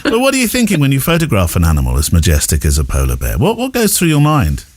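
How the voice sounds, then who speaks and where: A man's voice: medium pitch, wildly swooping pitch, quick pace, no echo. A man, hosting a podcast interview in casual chat, thoughtful and prone to stammering restarts. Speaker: podcast host.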